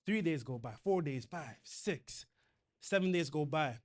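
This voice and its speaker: A man's voice: on the high side, expressive, measured pace. A man preaching a sermon in a conversational way, reading scripture aloud and retelling it in casual slang.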